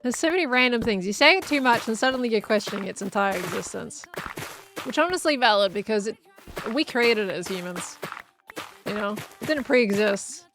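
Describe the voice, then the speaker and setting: A woman's voice: medium pitch, animated, fairly quick, noisy background. A young woman chatting casually while streaming a game, musing aloud and laughing often. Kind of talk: casual live-stream chat while gaming.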